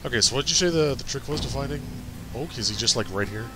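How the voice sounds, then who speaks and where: A man's voice: medium pitch, expressive, quick pace. A man playing a game on a stream, rambling loosely in casual chat with some swearing, game music behind.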